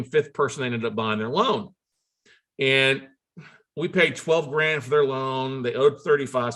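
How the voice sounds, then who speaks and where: A man tells a story in a conversational way, with a bright, clear voice. He acts out the phone calls and his pitch leaps up when he does. He often stops and restarts his words. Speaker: note investor telling a story.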